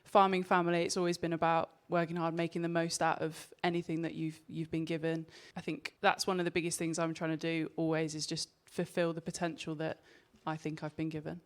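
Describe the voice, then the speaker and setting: A woman's voice: low-pitched, level tone, fairly quick, few pauses. A woman in her thirties, a professional rugby player, answering interview questions in an easygoing, modest way. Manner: easygoing, modest, laughs easily. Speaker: guest, pro rugby player. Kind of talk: casual interview chat.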